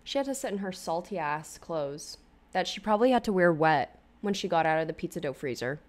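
A woman's voice: on the low side, lively intonation, fairly quick. A woman in her twenties giving casual commentary on a TV show, chatty and blunt, swearing freely and laughing often. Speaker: YouTuber.

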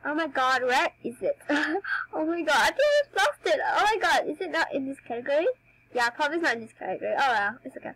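A woman's voice: high voice, very animated, fast, a bit bright, poor audio. A young woman chatting casually while playing a dance game for her channel, a bit under the weather. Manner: chatty, giggly, self-mocking. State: slightly sick, coughing. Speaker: gaming YouTuber.

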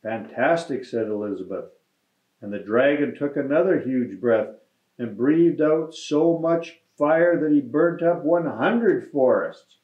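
A man, a mayor, reading a children's picture book aloud in a gentle, friendly storytelling manner. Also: a little high, lively intonation, a little slow. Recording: echoey room, dull lo-fi sound.

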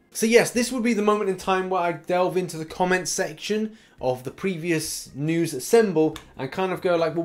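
A man hosting a casual gaming news show, rambling and laughing often, with a slight cough. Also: medium pitch.

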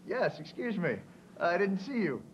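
A man's voice: high-pitched, sing-song, normal speed, a little hiss or hum. A man hosting a comedy show, playing a wisecracking, over-the-top tourist in a sketch. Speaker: comedy talk show host. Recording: dull lo-fi TV audio with music and audience.

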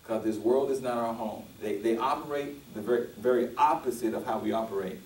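A man's voice: mid-range voice, fairly quick, a little mellow, roomy sound, recorded from a distance, slight background noise, poor audio. A male pastor preaching a sermon, restarting often and building to emphatic, rising peaks.

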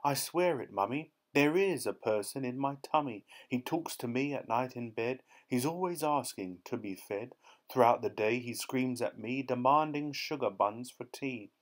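A man's voice: medium pitch, moderate pace, lightly acted. A young child pleads earnestly with his mother, as a man reads his part. The voice is insistent and rhythmic, following the rhyme of the storybook poem. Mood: pleading.

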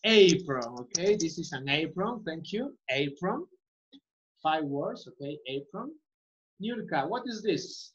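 A woman English teacher with a low-pitched voice and lively intonation gives an online class at a slow pace. She repeats words and keeps asking "okay?" to check that students understand. The audio is muffled and lo-fi.

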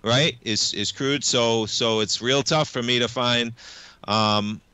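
A young man hosting a live market radio show, talking fast and casually, dropping "man" into his sentences. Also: mid-range voice, clean tone, no room sound. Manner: energetic, casual, says "man" a lot.

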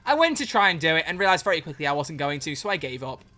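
Game streamer, live commentary, sharp bright voice, excitable and foul-mouthed. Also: mid-range voice, very fast, faint music behind. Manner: excitable, swears freely, bursts into loud laughter.

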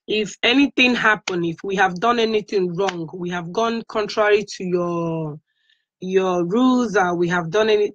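Pleading Nigerian woman, husky lo-fi voice. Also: mid-range voice, normal speed, no echo. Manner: pleading, repetitive, mixing English with Igbo phrases. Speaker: online activist vlogger. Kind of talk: emotional direct-to-camera appeal.

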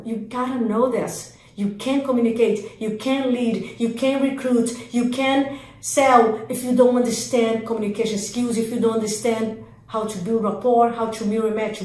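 A woman leads a sales training session, driving points home with emphatic, repetitive commands. Her voice sits a little high, and the room gives it a clear echo. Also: darkish tone. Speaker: real estate sales coach. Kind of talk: energetic sales training talk.

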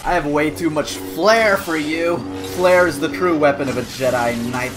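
Excitable young man yelling through a VR game. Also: fairly high pitch, moderate pace, over music. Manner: playful, jokey, yells at enemies. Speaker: gaming YouTuber. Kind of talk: excited VR gameplay commentary. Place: home, playing VR.

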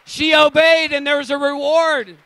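Very high-voiced fervent male preacher. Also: flat delivery, moderate pace, gravelly, bright, forceful tone. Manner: fervent, repetitive, addresses congregation members by name. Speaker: lay preacher and church guitar player. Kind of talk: sermon. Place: church sanctuary.

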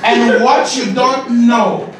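A high-pitched man lectures a live audience as a leadership coach. He jokes, laughs and raises his voice to a shout. He is recorded from a distance in a roomy hall with noise behind him. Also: takes it slowly. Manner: animated, joking, often laughing and shouting. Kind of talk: lively masterclass talk to an audience. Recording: echoey hall, distant mic, noisy.

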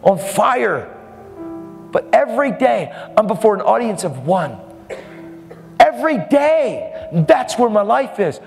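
A man's voice: sits high, very animated, slow pace, creaky, big-room sound, faint music behind. A man preaching a fervent, emphatic sermon, laughing now and then between points.

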